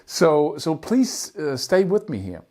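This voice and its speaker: A man's voice: a little high, sing-song, slow pace, mellow. Emphatic man teaching guitar technique. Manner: earnest, emphatic explaining, often vocalizes picking rhythms with syllables. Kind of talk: instructional talk to camera.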